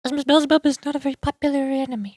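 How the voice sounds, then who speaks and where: A woman streamer in casual chat who stammers and exclaims in an animated way. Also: sits high, rapid-fire, no echo.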